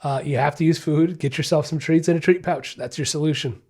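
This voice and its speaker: A man's voice: a little high, steady tone, brisk, a little mellow, husky. A man hosting a dog-training podcast, explaining in casual, emphatic talk that circles back on his key points and keeps checking that the listener is following. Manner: emphatic, repeats key points, asks "you see what I'm saying?"; acts out the dog's thoughts in quoted asides.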